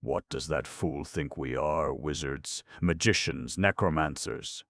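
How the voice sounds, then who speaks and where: A man's voice: a bass voice, measured pace, fairly bright tone, no echo, studio quality, full character voice. A man voicing a timid, fretful royal ox in a storybook, nervous and pleading. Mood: grumbling.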